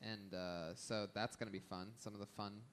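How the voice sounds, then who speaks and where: A man's voice: fairly low pitch, fairly even intonation, fairly bright tone. Joking male podcast host. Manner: joking, rapid-fire questions. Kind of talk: casual chat.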